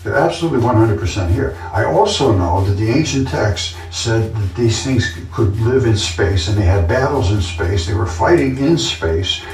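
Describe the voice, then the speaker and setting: A man's voice: on the low side, lively intonation, normal speed, hardly any pauses, darkish tone, faint music behind. A man talking in a casual monologue, earnest and insistent, often repeating himself as he tells his story. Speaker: vlogger. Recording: roomy, distant from the mic.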